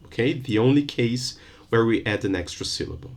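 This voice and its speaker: A man giving a recorded university phonetics lesson, Portuguese his first language, repeating sounds and examples deliberately. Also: medium pitch. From Brazil. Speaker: university lecturer.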